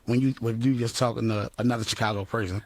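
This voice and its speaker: A man's voice: medium pitch, steady tone, quick pace, no echo. A man hosting an interview, laid-back and curious, joking around in casual chat. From DMV area, USA. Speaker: interview host.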